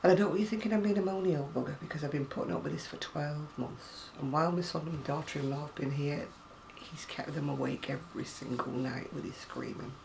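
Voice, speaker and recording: A woman's voice: deep voice, a little fast, creaky, few pauses, a little mellow, slight background noise. A middle-aged woman, chatting to camera in a rambling, storytelling way with ranting asides. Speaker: crafting vlogger. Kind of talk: casual chat to camera.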